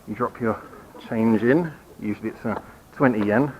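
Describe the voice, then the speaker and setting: A man's voice: lowish voice, normal speed, rough recording. Man host, casual night-walk vlog, self-mocking and rambling, hiccups, handheld camera outdoors, faint street hum behind. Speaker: channel host. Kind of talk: casual walking vlog update. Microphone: handheld camera while walking.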